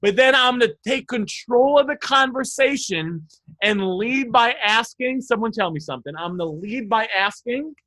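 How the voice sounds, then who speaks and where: Running a live online sales class, this man talks at a moderate pace with an expressive, high, bright and forceful voice. He hammers his points with emphatic energy and regularly engages viewers by asking them questions directly.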